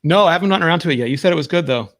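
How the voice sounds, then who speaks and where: Male stream guest on a video call, rapid and eager talker, slightly high voice. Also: animated, a bit bright. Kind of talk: casual chat.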